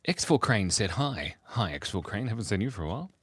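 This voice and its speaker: A man's voice: lowish voice, big pitch swings, fairly quick, breathy edge, dry recording. A sleepy man, hosting a casual live stream and rambling, giggling and joking with chat as he draws. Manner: rambling, giggly, self-mocking, talks while drawing. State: sleepy, early morning. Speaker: livestream host drawing for chat.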